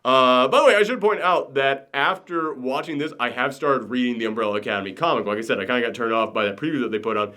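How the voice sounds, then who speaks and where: A man hosting a casual review chat, animated and ranting, swearing and laughing as he goes. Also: medium pitch, fast talker, hardly any pauses. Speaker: podcast co-host reviewing a TV show.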